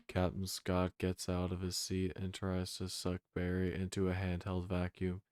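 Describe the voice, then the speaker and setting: A man reading a comic film script aloud as narrator in a drowsy monotone. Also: deep voice, moderate pace, hardly any pauses, clean tone, no room sound, clean studio sound.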